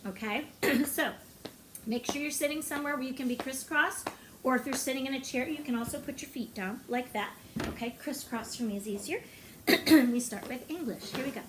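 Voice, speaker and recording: A woman music teacher talking brightly and encouragingly to young children, now and then singing a short greeting song. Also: high voice, normal speed, background noise.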